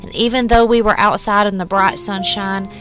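A woman narrates a short story in a measured, hushed, wistful tone, her voice pitched in a middle range. Soft music plays faintly underneath. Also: steady tone.

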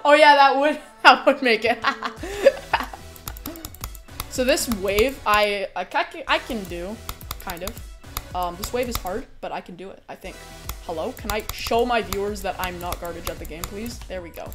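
A woman's voice: medium pitch, moderate pace, over music. A young woman streaming a game, chatting casually and talking through her run. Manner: chatty, bursts into squealing protests and laughter. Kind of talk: casual live-stream commentary while playing.

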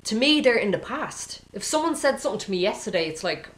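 A woman's voice: medium pitch, sing-song, fast talker, fairly bright tone, roomy sound. A woman giving an informal, earnest sermon to camera as a Christian video preacher, speaking directly and often checking in with "okay?".

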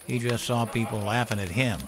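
A man voicing a gruff old male storyteller who drinks, talking in a folksy, profane, chuckling way. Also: mid-range voice, steady tone, brisk, noisy background, voice pushed up, natural voice. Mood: gruff storytelling.

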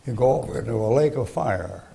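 Older guy preaching hard, gravelly and dark, blunt folksy style. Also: mid-range voice, animated, a little fast, low-quality recording. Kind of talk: fiery sermon. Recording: archival sermon recording.

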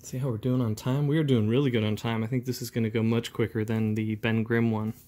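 A man's voice: mid-range voice, little pitch movement, quick pace, warm tone, a little hiss or hum. A man who inks comics, chatting casually as he demonstrates inking step by step, with frequent fillers. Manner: casual, talks while working, with fillers. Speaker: comic book inker. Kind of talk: relaxed ink-along tutorial narration.

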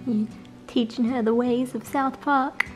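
A woman's voice: a little high, fairly even intonation, a little slow, soft background music. A young woman chatting playfully and teasing in a family vlog at home. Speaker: vlogger's partner, new mother. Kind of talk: casual family vlog chat.

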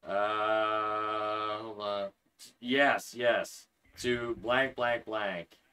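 A man's voice: fairly low pitch, little pitch movement, very slow, pushed and bright, clean tone. A man hosting a gaming livestream, talking casually into a headset and ranting with heavy swearing. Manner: profane, heated ranting.

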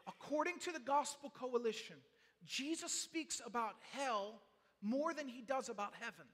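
A man's voice: very high-pitched, normal speed, long reverb tail. A man preaching a sermon as pastor, earnest and pleading, often repeating and restarting his words. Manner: builds from quiet talk to passionate shouting.

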